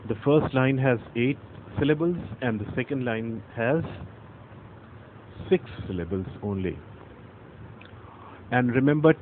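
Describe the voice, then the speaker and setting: Teacher over phone-like audio. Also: male voice, mid-range voice. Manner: patient, repeats points and reads verse slowly with stressed syllables. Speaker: English literature teacher. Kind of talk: explanatory lecture. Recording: phone-like audio with faint traffic noise.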